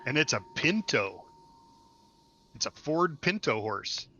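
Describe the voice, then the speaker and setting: A man's voice: medium pitch, very animated, slow pace, sharp tone, lo-fi sound, a little hiss or hum. A man hosting a game stream, chatting casually, laughing often and repeating himself. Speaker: stream host. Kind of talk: casual chat while gaming.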